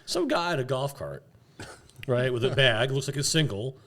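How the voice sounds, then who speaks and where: A man's voice: medium pitch, a little fast. A middle-aged man co-hosting a podcast, telling a story in casual chat, acting out the people in it and laughing often. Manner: animated storyteller, acts out shouted quotes, laughs often. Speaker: podcast co-host.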